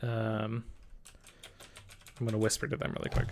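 A man's voice: lowish voice, completely flat delivery, normal speed, long pauses, darkish tone, a little hiss or hum. A male streamer chatting casually while gaming, apologetic and flustered, laughing often and answering chat.

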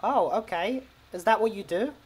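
A young man in a game role-play, playing a tow truck driver with excitable, teasing commentary and frequent laughter. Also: high voice, normal speed, slightly rough.

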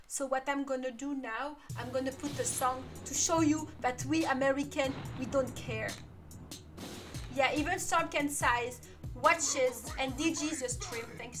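A woman streamer ranting loudly and profanely at her chat during a live stream. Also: high voice. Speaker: game streamer.

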